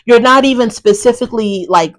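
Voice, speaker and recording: A woman's voice: fairly high pitch, a little fast. A woman hosting a casual reality TV recap, talking bluntly and sassily to the people on the show. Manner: blunt, sassy, talks straight to the people on screen.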